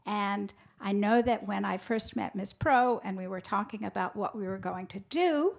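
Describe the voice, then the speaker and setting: A woman's voice: medium pitch, moderate pace, gravelly. A woman hosting a student musical theater showcase, thanking the teachers and speaking directly to the students in a friendly way. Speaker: program host for a musical theater education foundation.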